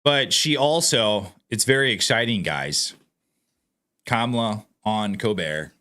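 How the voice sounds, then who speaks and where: A man's voice: lowish voice, takes it slowly. A man giving sarcastic political commentary in a casual vlog, talking straight to his viewers. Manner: sarcastic, mocking; animated, addresses viewers directly.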